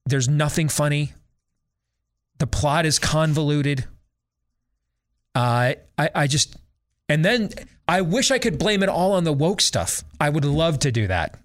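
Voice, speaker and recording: A man's voice: on the high side, lively intonation, unhurried, pauses often. A middle-aged man hosting a talk show, giving a sarcastic, exasperated and emphatic rant about a film. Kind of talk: opinionated movie-review rant.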